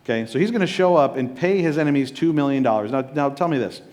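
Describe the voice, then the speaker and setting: A man's voice: on the high side, expressive, quick pace, a little mellow. A man preaching a sermon as pastor, casual and joking, often checking in with his listeners.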